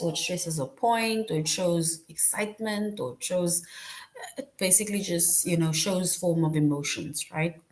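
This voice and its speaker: A woman's voice: lowish voice, darkish tone. A woman teaching an online class, explaining step by step with examples and often checking in with "right?". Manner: patient, repeats "right?" to check understanding.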